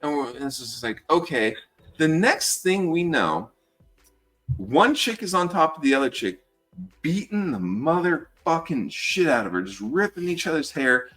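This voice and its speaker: A man's voice: on the high side, moderate pace, faint music behind. An American man in his thirties, a fire patrol worker and podcast guest, telling stories casually, swearing freely and saying "dude" a lot. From United States. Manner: animated, swears freely, says "dude" often. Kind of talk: casual storytelling.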